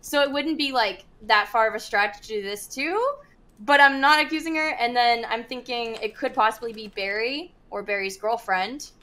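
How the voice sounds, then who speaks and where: A woman's voice: on the high side, normal speed, pushed and bright. A woman talking casually on a stream, chatty and hedging, laughing between remarks.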